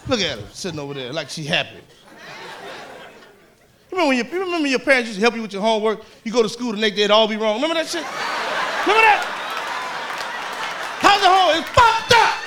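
A man doing stand-up comedy on a club stage, loud and profane, teasing people in the audience. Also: high-pitched, huge pitch swings, fast, over a noisy crowd, heavy background noise.

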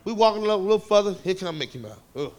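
A man performing profane, animated stand-up comedy storytelling on a club stage, with a laughing audience behind him. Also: high-pitched, very fast, slight background noise. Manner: profane, animated storytelling with shouted kid voices.

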